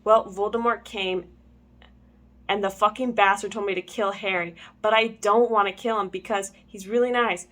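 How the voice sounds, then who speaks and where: A woman's voice: medium pitch, fairly even intonation, normal speed, fairly bright tone, lightly acted. A woman reading as a moody gothic teenage girl who swears and complains angrily. Her voice stays close to an everyday speaking voice. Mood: angry. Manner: angry, tearful complaining.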